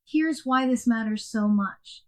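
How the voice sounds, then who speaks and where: A woman giving a scripted coaching lesson in a clear, measured and emphatic way. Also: a little high, a little mellow. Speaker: coaching instructor. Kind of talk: scripted instructional narration.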